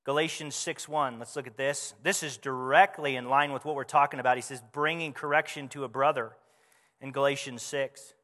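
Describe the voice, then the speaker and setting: A man preaching a sermon as a pastor, conversational and animated, asking the congregation rhetorical questions. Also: mid-range voice, moderate pace, big-room sound.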